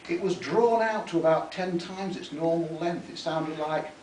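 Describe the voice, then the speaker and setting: At a library talk, a male author reads theatrically from his book, relishing the words, chuckling at his own lines and adding spoken asides. His voice is a little high and a little mellow at normal speed, recorded in an echoey room with the mic far off and a little hiss or hum.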